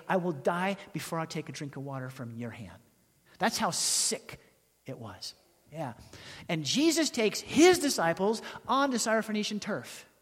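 A man preaching a storytelling sermon to his congregation in an animated way, quizzing the listeners and acting out the people in his stories. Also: high voice. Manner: animated, questions the congregation, acts out quoted voices. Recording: long hall reverb.

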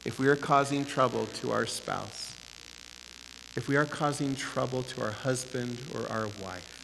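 A man preaching a sermon as pastor, building from steady teaching to impassioned, near-shouted pleading. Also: mid-range voice, unhurried, creaky. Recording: echoey hall with faint hiss and hum.

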